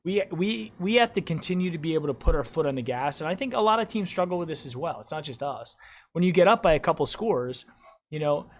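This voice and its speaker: A man's voice: on the high side, quick pace, a little hiss or hum. A man hosting a casual post-game sports talk show, rambling and correcting himself as he tells stories. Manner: rambling, self-correcting, animated storytelling. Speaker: podcast host.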